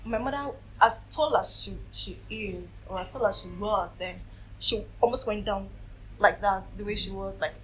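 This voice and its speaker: Speaking at normal speed in a mid-range voice, a woman in her late twenties shares an emotional account of her own experience as a guest on a TV interview. She tells it with animation, performing what other people said, and the rough recording carries slight background noise.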